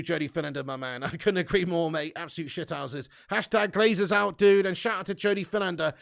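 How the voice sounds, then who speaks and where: Here a young fan-channel host reads his stream's viewer comments with frequent laughs and curses, all chatty and laddish. He pitches high, with vocal fry and a somewhat bright sound.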